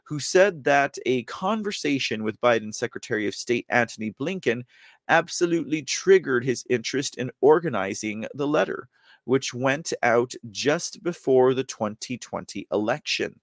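A man's voice: mid-range voice, expressive, normal speed, dry recording. A man hosting a podcast, giving casual political commentary, rambling with many fillers and reading news excerpts aloud. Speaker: podcast host.

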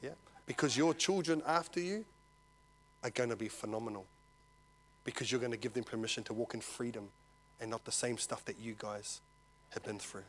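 A man, a lay preacher giving prophetic words and an animated personal testimony. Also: medium pitch, normal speed, long pauses. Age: 40s. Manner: animated storyteller, swings from soft personal words to loud exclaiming.

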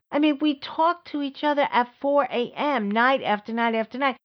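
A middle-aged woman hosting a podcast, telling a personal story in an emphatic way, repeating words for stress and swinging between high and low. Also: expressive, a little fast, hardly any pauses. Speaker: podcast host. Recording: slightly dull lo-fi audio.

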